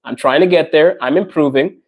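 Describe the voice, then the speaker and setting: Young man, slightly high voice, chatty live-stream host reading out chat comments. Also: brisk. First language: not Russian; learning Russian. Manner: friendly, chatty, laughs often, addresses viewers directly. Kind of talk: casual livestream chat.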